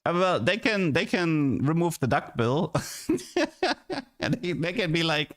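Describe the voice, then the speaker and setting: Young man, streamer, casual chat, slightly high voice, stammering, rambling. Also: lively intonation, unhurried, pauses often. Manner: rambling, stammering, repeats words, laughs often.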